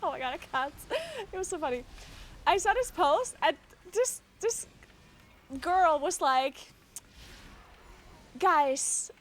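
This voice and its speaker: Very high-voiced giggly woman streamer. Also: expressive, unhurried. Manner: giggly, breaks into frequent laughter; swears casually, talks in loose restarts. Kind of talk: casual livestream chat.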